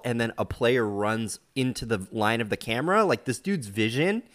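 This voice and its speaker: A man's voice: on the low side, normal speed, few pauses. Laid-back man hosting a sports chat. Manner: relaxed, joking, laughs at the chat. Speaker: podcast host. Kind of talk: casual sports podcast chat.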